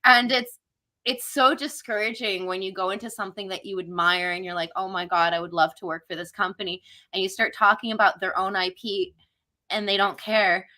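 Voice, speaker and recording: Bright-voiced, animated woman guest. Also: mid-range voice, fairly quick. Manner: profane, animated, acts out quoted people. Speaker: guest filmmaker. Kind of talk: casual podcast chat.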